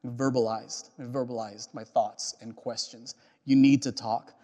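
A man's voice: medium pitch, fairly even intonation, moderate pace, warm tone. A man preaching a sermon as a pastor, earnest and personal, often repeating phrases and checking in with "right?". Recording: echoey hall.

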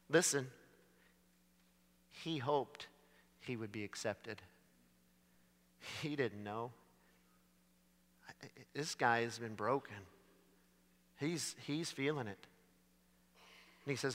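Bright-voiced preacher in a reverberant hall. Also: male voice, mid-range voice, extremely slow, pauses often. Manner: dramatic, swings from loud to hushed. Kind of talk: sermon.

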